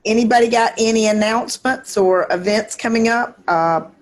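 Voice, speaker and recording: A woman's voice: fairly high pitch, moderate pace. A woman hosting a meeting on a video call, thanking the speaker and making announcements in a chatty way. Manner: friendly, chatty, with fillers. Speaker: host. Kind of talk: casual meeting chat.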